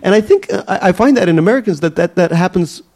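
A man's voice: high-pitched, expressive, fast talker, darkish tone. A Russian-born man, an author, answering interview questions in a wry, musing way with frequent fillers and restarts.

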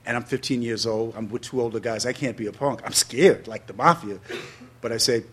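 New guy in his 60s, storytelling, gets loud and high when he quotes people. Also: brisk, breathy edge. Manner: lively storyteller, acts out quotes with sudden loud high bursts. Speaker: interview guest. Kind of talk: animated personal storytelling.

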